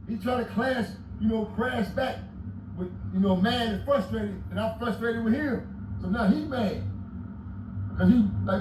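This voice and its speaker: High-voiced man in his forties, loud and animated, recorded far off in an echoey, noisy room. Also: a little slow. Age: 40s. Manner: loud, profane, animated retelling with shouted outbursts. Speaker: guest telling prison stories. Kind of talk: storytelling interview. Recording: roomy echo, distant mic, audible noise.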